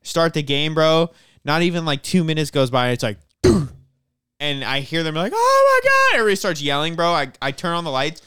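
A man's voice: fairly high pitch, moderate pace, smooth, no echo, studio quality. A young man, a guest on a podcast, swapping stories in casual, slangy talk and laughing often. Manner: lively, laughing, slangy storyteller. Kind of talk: casual chat.

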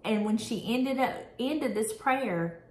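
A woman's voice: fairly high pitch, lively intonation, takes it slowly, a little mellow. Earnest woman reading devotions, roomy sound. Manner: earnest, candid, conversational. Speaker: devotional vlogger. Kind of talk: reading a devotional prayer and reflecting on it.

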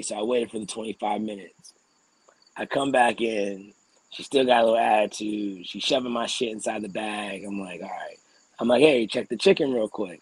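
Husky man telling a heated story. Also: lowish voice, dry recording, low-quality recording. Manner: animated, profane, acts out quoted exchanges. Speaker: podcast co-host. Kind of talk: casual storytelling.

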